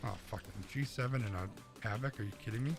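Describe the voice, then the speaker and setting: A young male streamer rambles casually to his chat while playing, his voice carrying some gravelly fry. Game music sits clearly behind him on a home streaming mic. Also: medium pitch, fast talker. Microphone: streaming mic through a mixer. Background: game music and game sounds.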